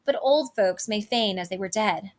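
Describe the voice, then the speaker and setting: A woman's voice: medium pitch, moderate pace, lightly acted. A woman reading the lines of an impatient, lovesick teenage girl from a play, eager and pleading.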